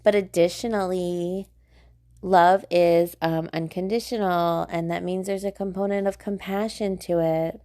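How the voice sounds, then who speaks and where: Chatty young woman podcaster, lowish voice. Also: fairly even intonation, unhurried, mellow. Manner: chatty, filler-heavy, swearing, laughing often. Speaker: podcast host. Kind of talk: casual self-help podcast monologue.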